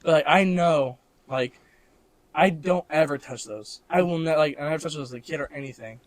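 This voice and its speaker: A man's voice: a little high, moderate pace, dry recording. Young guy from missouri rambling on his podcast, lots of likes and restarts, laughs a lot. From Missouri, American Midwest. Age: young adult. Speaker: podcast co-host. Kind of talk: casual chat.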